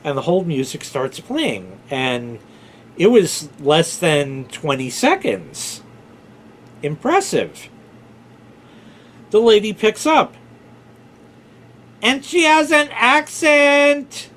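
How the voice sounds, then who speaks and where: A man's voice: sits high, sing-song, slow, pauses often, fairly bright tone, a little hiss or hum. A man casually telling a rambling personal story, informal, with filler words and the odd swear. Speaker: vlogger.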